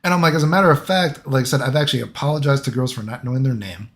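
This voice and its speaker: A man's voice: mid-range voice, rapid-fire, a bit bright. A young man who says he is sick, telling a rambling, profane story with lots of fillers and restarts. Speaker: vlogger. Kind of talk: casual storytelling.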